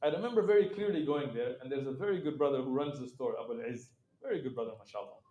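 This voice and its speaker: Animated man telling stories in an echoey room. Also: mid-range voice, racing, lo-fi sound. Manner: animated storyteller, acts out quoted voices, laughs often. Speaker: interview guest. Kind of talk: casual storytelling interview.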